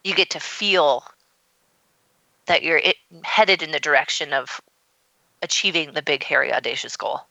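A woman co-hosting a radio talk show, telling stories in a chatty, animated way with lots of fillers. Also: deep voice, normal speed, vocal fry, long pauses, no echo, rough recording. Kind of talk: casual conversation.

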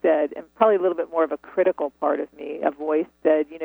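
A woman's voice: sits low, steady tone, fast, gravelly, hardly any pauses, no echo. A woman author telling her story earnestly and reflectively in a phone interview, over a tinny phone line. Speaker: author and guest.

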